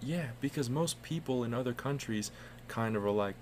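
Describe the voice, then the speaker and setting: A man's voice: medium pitch, normal speed, slight background noise. A man from the United States co-hosting a casual podcast, telling rambling, profane stories. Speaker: podcast co-host.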